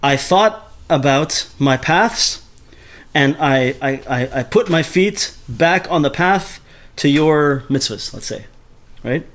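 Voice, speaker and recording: A man's voice: a little high, slow. Man teaching a Torah class. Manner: animated, mixes Hebrew terms into speech, repeats words often.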